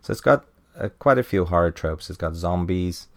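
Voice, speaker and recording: Deep-voiced man reviewing a comic. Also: expressive, normal speed. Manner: reads quotes in high put-on voices, chuckles often. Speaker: podcast host. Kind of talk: casual comic book review.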